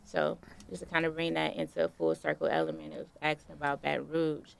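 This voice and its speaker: A woman guest in a casual interview, telling relaxed stories full of fillers. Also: low voice, brisk, creaky. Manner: relaxed storytelling with many fillers.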